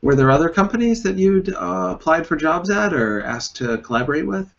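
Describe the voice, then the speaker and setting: Male interview host, curious and playful; animated, husky, lo-fi call sound. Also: a little high, fairly quick. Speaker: podcast host. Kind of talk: casual interview chat.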